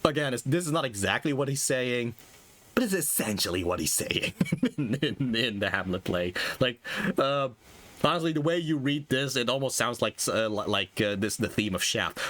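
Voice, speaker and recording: Male streamer, casual read-through with commentary, mid pitch, frequent chuckles. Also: expressive, moderate pace, fairly bright tone. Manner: chuckles often, trails off into fillers. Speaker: streamer playing a text game. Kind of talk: reading a game aloud with casual commentary.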